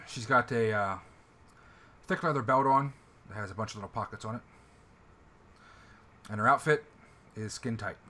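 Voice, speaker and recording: A man narrating a tabletop game as game master, descriptive and halting, with fillers and throat clearing. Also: lowish voice, sharp tone.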